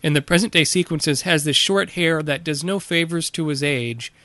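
A man with a somewhat raised voice co-hosts a movie podcast, talking casually about a film. He recaps the plot in a halting way, full of ums and restarts. The sound is dry and close, with no room in it. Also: on the high side, bright, forceful tone, no echo. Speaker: podcast co-host. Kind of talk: casual movie review chat.

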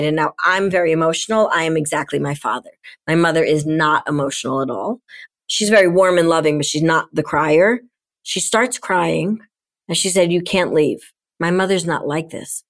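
A middle-aged woman, a podcast guest and coach, telling a candid, emotional personal story in conversation. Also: fairly low pitch.

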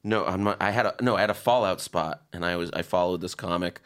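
A man hosting a podcast in casual chat, telling relaxed stories and breaking into quick laughs. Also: sits low, clean tone. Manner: relaxed storytelling, quick laughs, put-on voices in quotes. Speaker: podcast host.

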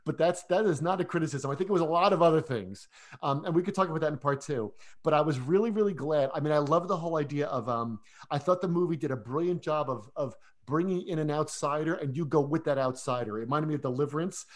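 A man co-hosting a podcast, talking through a film in a casual, animated way, often restarting his sentences. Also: fairly high pitch. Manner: animated, chatty, frequent restarts. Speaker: podcast co-host.

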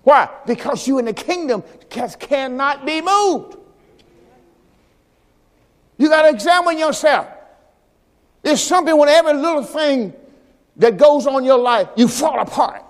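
A high-voiced pastor preaches a sermon in a church sanctuary, animated and unhurried, with frequent pauses, using call-and-response that rises to shouts and telling stories with acted quotes and sound effects. It's a church service recording with long hall reverb and faint music.

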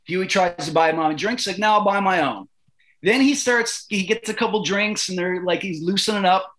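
A middle-aged Canadian man telling a long story in a casual interview, animated and profane, acting out the voices of the people in it. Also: sits high, normal speed. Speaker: guest.

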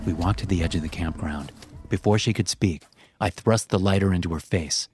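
A man narrating a first-person horror story in a hushed, tense storytelling manner. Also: low voice, a little fast. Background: music.

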